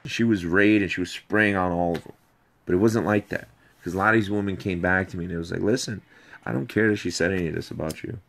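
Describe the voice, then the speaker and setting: Low-voiced man ranting and repeating himself. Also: quick pace, vocal fry. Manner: animated, repetitive storytelling. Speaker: video subject ranting about an ex. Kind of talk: rambling personal rant.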